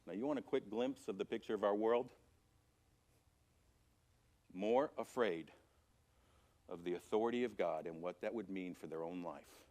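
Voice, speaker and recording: A man teaching a church Sunday school class from scripture, animated, swinging from loud emphasis to quiet, low passages. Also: moderate pace, long pauses. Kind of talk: Bible teaching. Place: church auditorium.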